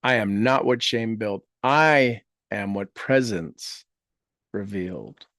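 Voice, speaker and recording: Slow, gentle man guiding a meditation. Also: fairly low pitch, dry recording, studio quality. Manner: slow, gentle, repeats each affirmation in trailing soft phrases. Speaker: meditation leader. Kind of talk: guided meditation with spoken affirmations.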